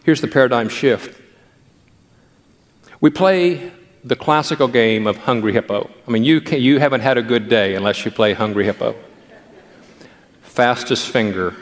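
A man's voice: medium pitch, moderate pace, long pauses, in a large hall. An older male pastor who gives a sermon through playful anecdotes about family life.

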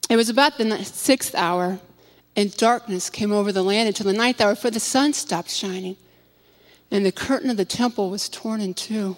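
A woman giving a dramatic scripture reading. She drops to a near whisper on the quiet lines. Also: mid-range voice, moderate pace. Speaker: scripture reader. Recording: long hall reverb.

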